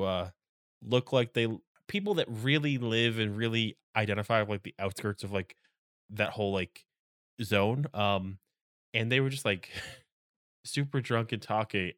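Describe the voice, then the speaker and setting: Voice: mid-range voice, a bit bright, no room sound. A podcast co-host chatting casually, telling rambling stories and dropping dry wisecracks. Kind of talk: casual chat.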